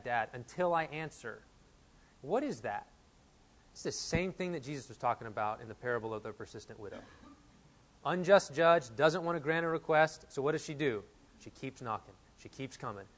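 A man in his thirties preaching a sermon, earnest and animated, reading quotes aloud and telling stories from home. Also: medium pitch. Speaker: pastor.

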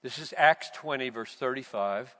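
A man preaching a sermon, slow and emphatic, building to loud, fervent repetitions. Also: medium pitch, slight background noise. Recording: long reverb of a large hall.

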